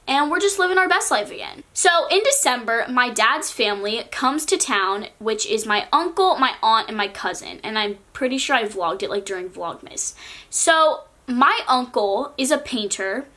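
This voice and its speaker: A teenage girl from California tells a story to her vlog camera, casual and chatty. Her voice is bright and sits a little high, and she leans on "like" in nearly every sentence. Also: lively intonation, normal speed. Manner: chatty, peppers speech with "like". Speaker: vlogger.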